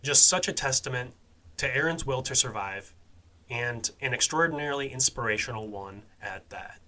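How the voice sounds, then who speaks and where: A man hosting a true-crime and survival podcast, talking casually with swearing and fillers, his voice dropping quietly at phrase ends. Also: medium pitch, animated, moderate pace. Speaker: podcast host.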